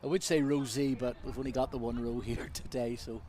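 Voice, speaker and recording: A man giving relaxed, chatty live commentary on a youth football match, his voice lifting when a team attacks. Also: a little fast. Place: outdoor youth football pitch. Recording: outdoor pitch, sideline shouts. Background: shouting from the sidelines.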